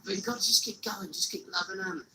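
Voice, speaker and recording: Brief: earnest male street evangelist, bright and a bit high, halting with repeats. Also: slight background noise, poor audio. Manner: earnest, often repeats and restarts words. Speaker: street evangelist who walks carrying a cross. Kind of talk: casual interview.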